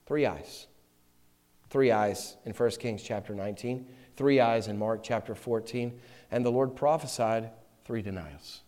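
A man preaching a sermon, moving between loud, emphatic passages and quiet, close asides. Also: medium pitch, normal speed. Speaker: pastor. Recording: long hall reverb.

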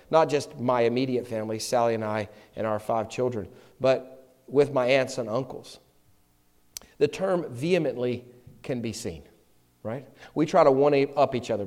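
Emphatic preaching man in a reverberant hall. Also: mid-range voice. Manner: swings from loud emphatic preaching to quiet intimate asides. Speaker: pastor. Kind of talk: sermon.

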